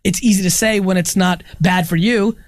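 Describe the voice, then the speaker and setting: A podcast guest speaks in a high, steady voice at a moderate pace, with no echo in the recording. He's emphatic and profane in the casual chat, repeating his points to drive them home.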